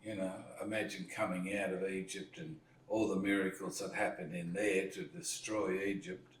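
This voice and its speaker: A man leading a relaxed dining-table discussion, slowly retelling a story and acting out what people said. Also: sits low, distant mic, a little hiss or hum. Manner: slow storytelling, retells scenes with acted lines. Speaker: discussion leader. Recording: echoey room, voice set back from the mic.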